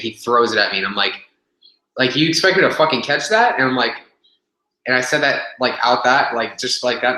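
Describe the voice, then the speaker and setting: This young man speaks at a medium pitch with a sharp edge, recounting something that happened at the gym for a casual webcast. Expect rambling, open swearing, fillers and restarts. The sound comes from a webcam in a room and echoes.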